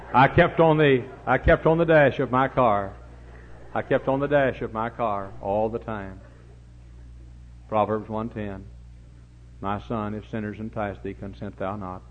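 Rambling preacher man, lo-fi. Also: on the low side. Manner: rambling, digressive anecdotes with sudden loud emphatic rises. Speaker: pastor. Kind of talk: folksy storytelling sermon. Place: church service before a congregation. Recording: dull lo-fi recording with faint hum.

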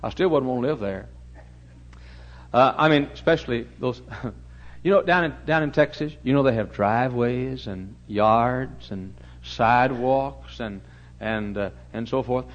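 In a church, a pastor with a mid-range voice preaches a storytelling sermon, speaking animatedly and turning suddenly loud when he acts out shouted commands. The recording is muffled.

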